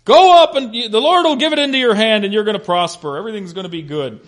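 A man's voice: fairly high pitch, animated, fast, close to an everyday voice. A man voicing an ancient prophet who gives a falsely cheerful, sarcastic prediction. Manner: sarcastic, mock-enthusiastic.

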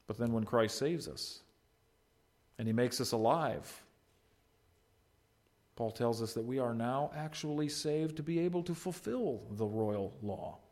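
A man preaching a sermon, swinging between loud, emphatic peaks and quiet asides, and asking the congregation questions. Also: medium pitch, a little slow, long pauses. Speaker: pastor.

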